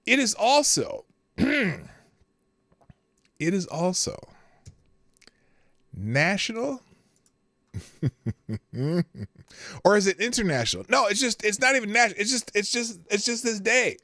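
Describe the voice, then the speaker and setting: A man's voice: high voice, sing-song, takes it slowly, long pauses, pushed and bright, no echo, clean studio sound. A middle-aged man hosting a live morning show, rambling and joking and often stumbling over his words. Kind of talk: casual live commentary.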